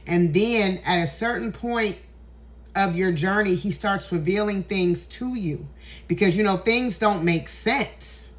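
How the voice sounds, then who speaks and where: A woman's voice: medium pitch, unhurried. A woman speaks into her phone indoors, close to tears as she delivers an emotional monologue. Her talk is emphatic and preachy, she swears freely, and she keeps pushing through the feeling. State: near tears. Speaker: tarot content creator. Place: indoors, walking in a hallway.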